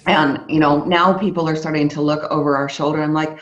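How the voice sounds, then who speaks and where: Woman, storytelling sales trainer, low-pitched, muffled lo-fi event audio. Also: quick pace, few pauses. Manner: storytelling, acts out lively quoted dialogue. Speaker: training speaker. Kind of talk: motivational sales training talk.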